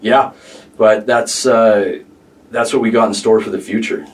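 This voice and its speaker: Low-voiced comedian guest, distant mic. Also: male voice, fairly even intonation, measured pace. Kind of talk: casual chat.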